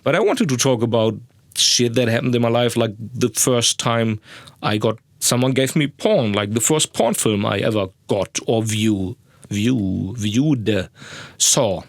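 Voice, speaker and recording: A man's voice: mid-range voice, lively intonation, a little slow, creaky, no room sound, clean studio sound. A young man, a podcast host rambling crudely and mocking himself, recorded in a sound booth. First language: German. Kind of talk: casual monologue.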